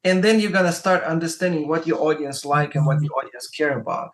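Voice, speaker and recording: A man's voice: on the high side, brisk. A man with a Russian accent giving casual advice as a guest, rambling and peppering his talk with "like" and "right?". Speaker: guest, music promoter.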